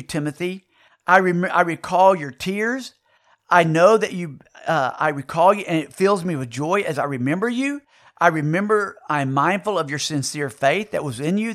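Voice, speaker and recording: A man's voice: high voice, fairly bright tone. A middle-aged man, preaching a sermon and telling a story with acted-out sounds and voices. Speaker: pastor.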